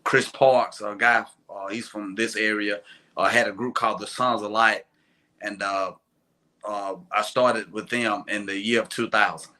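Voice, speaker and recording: A man in his forties with a Mississippi accent talks as a guest, soft-spoken and hesitant, often pausing on uh. His voice sits a bit low but sounds bright. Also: fairly even intonation. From Tupelo, Mississippi. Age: 40s. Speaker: gospel quartet singer, guest.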